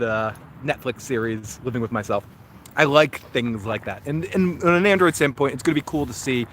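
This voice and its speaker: A man hosting a casual live-stream review while walking outdoors, rambling and correcting himself as he talks. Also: medium pitch. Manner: rambling, self-correcting, chatty. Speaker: host. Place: outdoors in a park. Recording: outdoor traffic noise.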